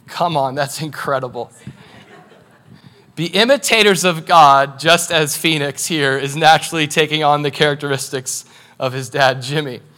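A male pastor giving a casual, animated sermon, often asking the congregation rhetorical questions. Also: fairly high pitch. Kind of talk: conversational sermon.

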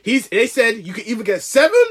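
A man's voice: very high-pitched, animated, a little fast, fairly bright tone, breathy edge. A man co-hosting a casual banter podcast, emphatic and repeating himself, often breaking into laughter.

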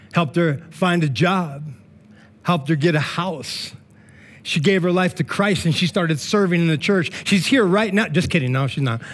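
A man with a notably high voice preaches a sermon to his congregation. His talk is casual and full of slang and stories, and he keeps checking in with "right?" and "man". He swings between loud, emphatic calls and hushed, slow passages. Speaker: pastor. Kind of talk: sermon with storytelling. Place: church meeting in a school building.

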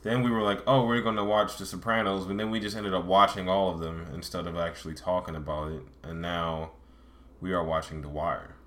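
A man co-hosting a podcast late at night from home, teasing and blunt and often swearing. His low voice carries a bright, forceful edge. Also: fairly even intonation, a little fast. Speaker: podcast co-host. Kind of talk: casual late-night chat.

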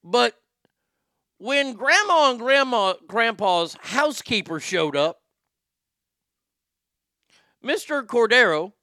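A man's voice: extremely high pitch, sharp tone, no room sound, clean studio sound. A man hosting a show, telling crude news stories in a sarcastic, joking way. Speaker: host. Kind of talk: casual comedic news commentary.

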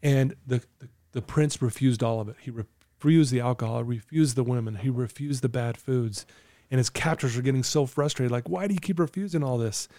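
Speaking at a moderate pace in a medium-pitched, dark and steady voice, this man appears as a guest on a podcast interview. A client coach, he shares stories earnestly and plays out conversations with clients, captured in studio quality without echo.

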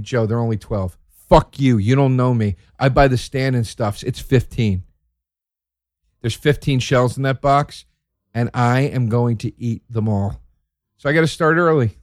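A man doing a profane, sarcastic stand-up routine, ranting and jumping from loud high outbursts to low mutters. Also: no echo, studio quality. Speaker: stand-up comedian.

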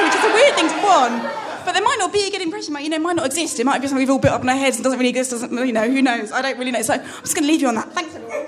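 Fast, high-voiced woman comedian. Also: expressive, a loud crowd, heavy background noise. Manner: halting, self-deprecating, many restarts. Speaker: stand-up comedian. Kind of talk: stand-up set. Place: comedy club stage.

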